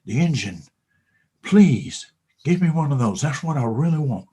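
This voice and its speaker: A man animatedly retelling a motivational sales story, dropping to a hush and then rising loud. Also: mid-range voice, animated, unhurried, slightly rough. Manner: dramatic, shifts between hushed and loud.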